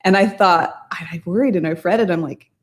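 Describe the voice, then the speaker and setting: A woman's voice: fairly low pitch, fairly quick. A middle-aged woman telling a personal story in a casual talk. She rambles and corrects herself as she goes, and laughs now and then. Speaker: mindset coach.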